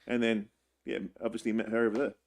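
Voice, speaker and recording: Laid back aussie bloke co-hosting a podcast, chatty, lots of yeahs. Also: male voice, fairly low pitch, fast talker. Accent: Australian. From Adelaide, Australia. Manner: relaxed, chatty, says yeah a lot. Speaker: podcast co-host. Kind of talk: casual podcast chat.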